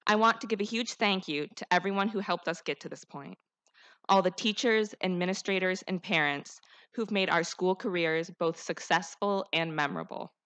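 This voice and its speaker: A teenage girl, her class's salutatorian, gives an earnest, heartfelt and rousing graduation speech at a podium microphone. Her voice sits on the low side with a fairly bright tone, at a moderate pace.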